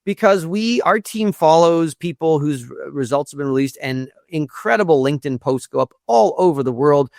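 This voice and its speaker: A man speaking as a guest in a conversational interview, earnest and prone to repeating words as he thinks, with a gravelly voice. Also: on the high side, lively intonation, normal speed, hardly any pauses, a little mellow, no echo, clean studio sound. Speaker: guest, institute executive director.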